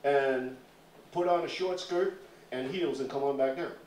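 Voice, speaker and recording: A man's voice: mid-range voice, unhurried, darkish tone, slight background noise, lightly acted. An older man with a Nuyorican accent playing a brusque, bossy male film director within a live story. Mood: ordering. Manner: commanding, brusque. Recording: roomy live stage from far off.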